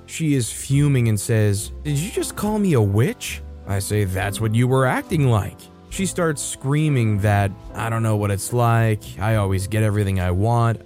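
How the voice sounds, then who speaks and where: Male host-narrator, mid-pitched and conversational, reads stories and adds wry asides over light background music. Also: a little mellow. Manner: conversational, wry commentary between readings. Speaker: host reading and reacting to online stories. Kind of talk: story reading with commentary.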